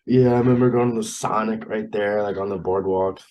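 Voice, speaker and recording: A young man with a Long Island accent, a guest in a casual podcast chat, relaxed and chatty, leaning on "like" a lot. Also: on the low side, a little fast, highs cut off, a little hiss or hum. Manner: relaxed, chatty, uses lots of "like". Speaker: guest, college wrestler.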